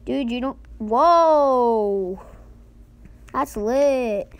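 Excitable woman host, casual game commentary, high voice, unhurried. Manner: excitable, talks to viewers as "guys". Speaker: gaming channel host.

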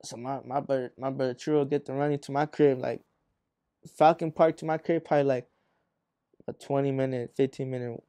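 A man's voice: mid-range voice, steady tone, fairly quick, dark tone, no room sound, clean studio sound. Profane young man telling a street story. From Arizona. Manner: rambling, profane, acts out quotes. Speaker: rapper guest. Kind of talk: casual interview storytelling.

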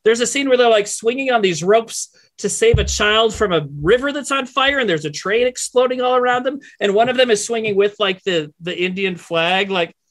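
A man's voice: high-pitched, normal speed, few pauses, a bit bright. A man rambling in casual chat on a livestream, full of "like" and crude swearing. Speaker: comedy troupe member on a livestream. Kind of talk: casual banter.

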